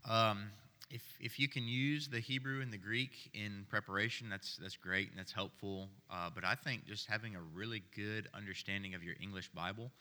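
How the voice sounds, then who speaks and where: A man with a low voice but a very bright, sharp tone speaks in a measured way as a pastor on a panel. The sound carries the long reverb of a large hall. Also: fairly even intonation. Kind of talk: church panel discussion.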